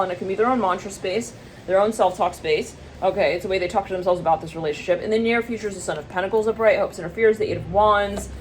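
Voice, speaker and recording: A woman talks through a tarot spread in a loose, rambling way, laughing easily. When she quotes someone, her voice jumps up into squeals. Her pitch sits in the middle, and faint background noise runs under the talk. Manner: chatty, rambling, laughs often, acts out quoted people in high squeals. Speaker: tarot reader. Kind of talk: casual tarot reading monologue.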